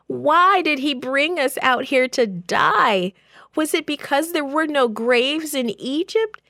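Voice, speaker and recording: A woman voicing a panicked, wailing crowd of desert refugees in a shrill, high, frantic voice. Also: expressive, takes it slowly, sharp tone, no room sound, studio quality, full character voice.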